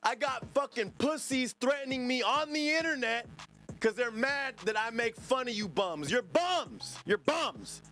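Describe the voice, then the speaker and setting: A man's voice: extremely high pitch, lively intonation, a little slow, bright, forceful tone, soft background music. A man hosting a livestream podcast, ranting angrily at his chat in a profane, drawling, sing-song way. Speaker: podcast host.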